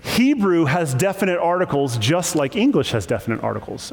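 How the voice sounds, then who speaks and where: A man preaching a sermon, lively and emphatic, with joking asides. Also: fairly high pitch, a little fast, gravelly, long reverb tail. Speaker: pastor.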